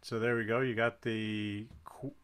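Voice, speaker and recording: A man's voice: on the low side, level tone, measured pace, a bit bright, smooth. A man giving casual, encouraging play-by-play while someone else flies in a video game, counting the balloon score aloud. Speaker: co-commentator watching a flight game.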